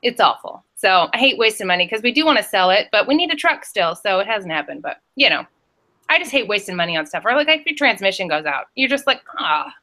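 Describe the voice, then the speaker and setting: Woman on a reseller panel, bright rambling talker, video call. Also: mid-range voice, fast talker. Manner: chatty and rambling, lively storytelling. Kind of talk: casual chat.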